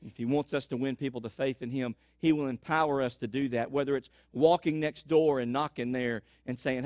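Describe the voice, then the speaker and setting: Animated storytelling pastor, man. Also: mid-range voice, brisk, no room sound. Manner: animated storytelling, emphatic repetition. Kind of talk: sermon. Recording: dull lo-fi sermon recording.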